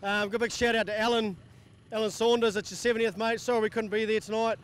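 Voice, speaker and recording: A man, a sidecar racer, giving quick friendly shout-outs. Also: high voice, little pitch movement, clean tone. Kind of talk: casual trackside interview.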